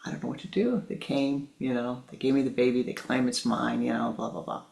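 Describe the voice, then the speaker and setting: A man voicing a calm old monk who speaks quietly and evenly. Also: medium pitch, brisk, vocal fry. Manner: quiet, even, unbothered.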